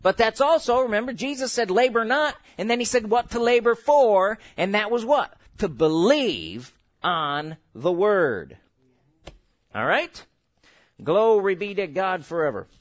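Lively high-voiced preaching pastor. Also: male voice. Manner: animated preaching with sudden shouts and laughter; slow, drawn-out scripture reading. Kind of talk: sermon.

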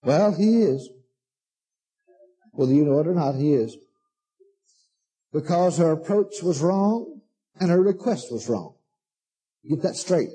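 A man's voice: high voice, expressive, measured pace, long pauses, dark tone, husky. A man preaching a sermon, reading scripture aloud and repeating his points emphatically with sudden asides.

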